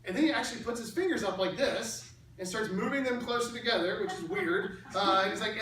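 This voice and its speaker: A middle-aged man gives an animated, persuasive lecture in a large church hall. He talks conversationally and circles back to key phrases for emphasis. The sound is distant and heavily echoed, with a faint hum of noise underneath. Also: sits high, fairly quick, few pauses. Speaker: speaker.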